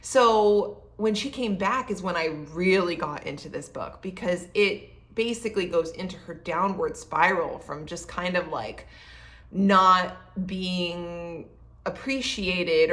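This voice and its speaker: A woman's voice: on the low side, fairly bright tone. A woman, casually reviewing a novel, full of fillers and quoted asides. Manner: chatty, many fillers like um and you know; acts out her own past thoughts in quoted asides. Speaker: book vlogger.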